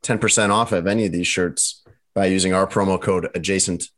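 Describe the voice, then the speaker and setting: Male podcast host, lowish voice, playful teasing banter. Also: fairly even intonation, a little fast, a bit bright. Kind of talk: casual chat.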